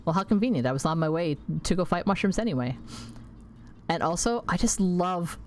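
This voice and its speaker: Woman streamer, low-ish voice, rambling and sweary casual chat. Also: lively intonation, fairly quick, a little mellow, slight background noise. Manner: rambling, swears freely, laughs at herself. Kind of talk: casual chat while playing a game.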